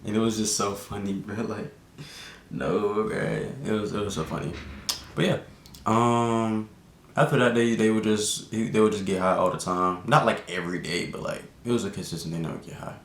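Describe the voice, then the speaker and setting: A man's voice: on the low side, fairly even intonation, moderate pace, vocal fry, echoey room. A young man vlogger telling a casual storytime, rambling and laid-back, full of slang and restarts. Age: young adult.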